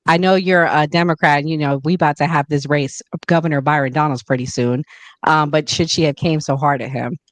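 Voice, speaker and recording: A man's voice: fairly high pitch, fairly even intonation, brisk, a bit bright, no room sound. A man hosting a casual panel discussion, passing questions to each guest in turn. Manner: moderating, turns questions to others. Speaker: panel host.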